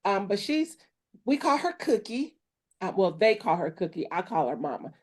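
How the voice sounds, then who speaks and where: A woman minister chats at a mid pitch in easy, loose phrasing, often restarting her sentences. She speaks in a casual, conversational way. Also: big pitch swings, moderate pace. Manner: chatty, loose, with restarts and short laughs. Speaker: minister and podcast co-host. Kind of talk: casual chat.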